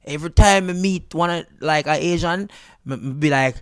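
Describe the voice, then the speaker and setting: A Jamaican comedian telling a story in an interview, lively and jumping into high voices for the people he quotes. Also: moderate pace, smooth, no echo. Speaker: comedian guest. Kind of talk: animated storytelling.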